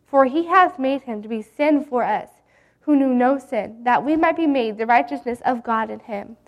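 A woman voicing a gentle but firm male schoolteacher in a read-aloud story. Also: fairly high pitch, animated, normal speed, muffled recording.

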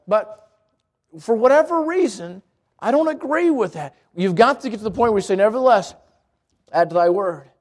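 A young man preaching a sermon, telling stories with lively acted-out asides to his congregation. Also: high-pitched. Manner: animated storytelling with acted-out asides.

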